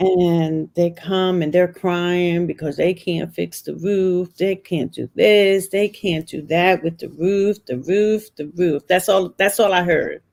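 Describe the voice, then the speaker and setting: A woman's voice: on the low side, steady tone, takes it slowly, creaky, hardly any pauses, darkish tone. A middle-aged woman, a podcast guest, earnestly telling a personal story and repeating phrases for emphasis.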